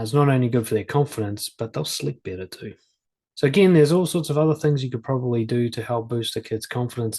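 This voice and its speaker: Brief: male coach with a husky, mid-pitched voice, relaxed conversational advice talk. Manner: conversational, plain-spoken, with examples from his own family. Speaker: parenting and confidence coach.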